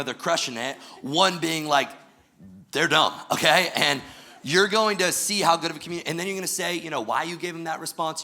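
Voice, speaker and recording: A man with a bright, forceful voice delivers a lively sermon to his congregation. He speaks directly and with energy, dropping in quick jokes as he goes. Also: medium pitch. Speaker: pastor.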